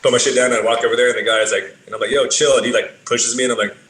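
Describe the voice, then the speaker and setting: A man's voice: mid-range voice, little pitch movement, very fast, fairly bright tone. A man, a podcast guest telling stories casually with lots of swearing and fillers. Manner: laid-back, swears a lot, many fillers. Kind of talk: casual storytelling. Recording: roomy with faint ambient noise.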